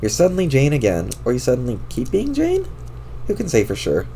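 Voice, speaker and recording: A man's voice: mid-range voice, wildly swooping pitch, a little fast, vocal fry, warm tone, a little hiss or hum. A man reading a webcomic aloud on a stream, in a wry, amused way with his own asides. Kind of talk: casual read-aloud narration.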